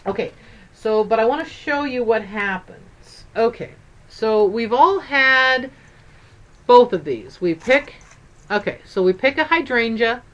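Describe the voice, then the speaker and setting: A woman's voice: fairly high pitch, lively intonation, unhurried, fairly bright tone, muffled recording. An older woman and grandmother chatting casually in a craft vlog, upbeat and rambling. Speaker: craft vlogger.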